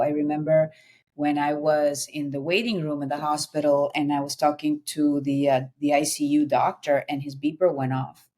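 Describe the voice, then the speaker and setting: A middle-aged woman speaking as a guest on a conversation podcast, her voice sitting on the lower side. She talks earnestly and with animation, sprinkling in lots of "you know"s as she shares her story. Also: darkish tone.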